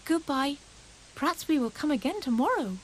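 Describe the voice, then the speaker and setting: Sweet gentle girl rabbit, read by a lady, storybook, soft and a bit higher. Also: big pitch swings, moderate pace. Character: kind, gentle female grey rabbit.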